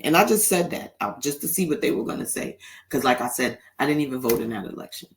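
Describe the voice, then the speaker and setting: A man's voice: medium pitch, expressive, quick pace. A man hosting a solo commentary show, talking bluntly and heatedly and swearing freely. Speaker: podcast host.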